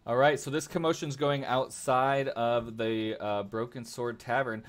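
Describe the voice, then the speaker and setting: A man narrating as game master of a tabletop game, halting with frequent filler sounds. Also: medium pitch, fairly even intonation, faint music behind.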